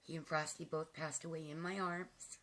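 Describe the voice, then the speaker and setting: A woman talking to her viewers in a casual vlog, emotional and halting, with frequent ums, tearful at times. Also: sits low, little pitch movement, fairly bright tone. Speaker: vlogger.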